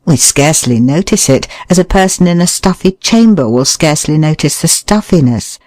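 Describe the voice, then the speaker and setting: An audiobook reader giving a measured, expressive narration of a nonfiction book, briefly voicing short quoted remarks. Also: mid-range voice, dry recording.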